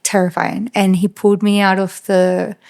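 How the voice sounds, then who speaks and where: A woman with an Australian accent, a podcast guest, telling a personal story in a halting, flat way with lots of fillers. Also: mid-range voice, creaky. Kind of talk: casual storytelling.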